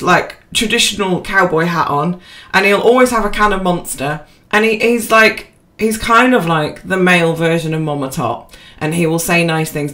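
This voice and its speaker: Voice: medium pitch, bright, forceful tone. Casual rambling co-host, filler-heavy, unpolished podcast chat. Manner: rambling, self-deprecating, with many fillers and restarts.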